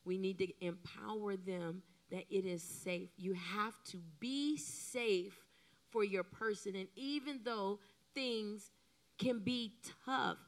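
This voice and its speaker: A middle-aged woman preaching from the pulpit, her voice gravelly and textured. She swings between loud, animated bursts and soft, emotional asides, and acts out the lines she quotes. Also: medium pitch, slow. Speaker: co-pastor. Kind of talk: sermon.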